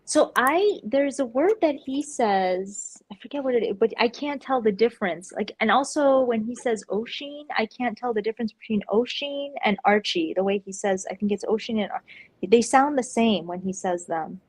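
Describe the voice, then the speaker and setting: A woman's voice: fairly high pitch, moderate pace, breathy edge, low-quality recording. A woman chatting as a guest on a livestream, playful and laughing often. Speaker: stream guest. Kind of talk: casual livestream chat.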